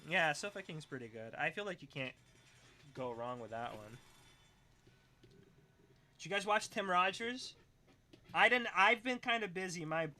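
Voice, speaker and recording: Bright-voiced young man streaming casually. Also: fairly high pitch. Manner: swears a lot, laughs often, rambling. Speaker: livestreamer. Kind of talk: casual livestream chat reading chat.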